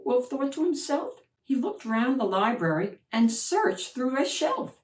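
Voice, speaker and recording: Expressive woman reading a picture book aloud. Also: sits high, unhurried, few pauses, distant mic. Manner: expressive rhyming delivery. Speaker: children's book reader. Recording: roomy echo, mic set back.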